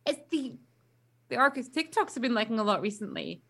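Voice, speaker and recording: Young female podcast co-host with a bright, slightly high voice, eager and chatty. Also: brisk. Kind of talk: casual chat.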